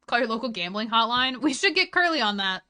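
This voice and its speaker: A woman streamer in casual chat, ranting with heat and swearing, swinging between loud outbursts and low mutters. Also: lively intonation, fast. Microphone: desk mic.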